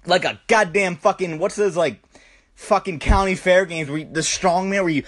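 A young man rambling through a vulgar comic story, loose and profane, with "bro" in nearly every breath. His voice is high for a man and leaps all over the place as he acts things out. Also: expressive, moderate pace, fairly bright tone. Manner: profane, loose, peppered with "bro" and sound effects. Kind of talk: crude comedic storytelling rant.

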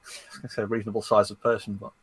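Husky man in casual chat. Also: fairly low pitch, level tone, low-quality recording. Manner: chatty, self-deprecating, halting.

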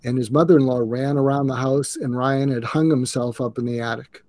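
An older man, a psychiatrist guest in an interview, speaking earnestly in a halting way with restarts. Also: medium pitch, fairly even intonation, dark tone. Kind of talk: conversational interview.

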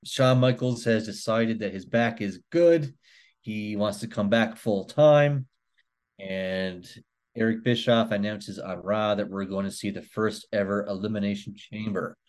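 A male podcast co-host with a somewhat low voice, chatting casually. He recaps events bluntly and sounds incredulous at what he has seen. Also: unhurried, a little mellow. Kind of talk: casual chat.

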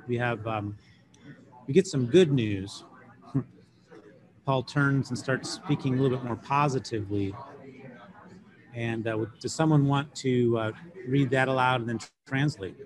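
A middle-aged Greek professor with a mid-pitched voice lectures his class on Greek grammar. He explains in a relaxed, patient, loose way, frequently pausing on fillers and starting sentences over.

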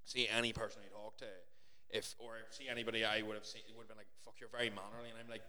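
Fast, bright-voiced Scottish man ranting. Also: fairly low pitch. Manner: ranting, swearing, animated storytelling. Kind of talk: casual podcast chat.

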